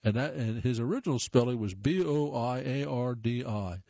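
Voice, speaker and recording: A man's voice: medium pitch, animated, moderate pace, gravelly, mellow, no echo, lo-fi sound. A man reading short stories aloud in a plain way, with occasional stumbles and restarts. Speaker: reader of listener stories.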